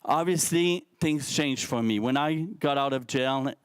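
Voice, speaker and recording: Earnest Québécois man with a smooth voice. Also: medium pitch, no echo. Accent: Québécois French. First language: French. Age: 50s. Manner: earnest, candid, halting restarts. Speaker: keynote speaker. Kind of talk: speech to a youth audience. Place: science centre stage. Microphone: stage microphone.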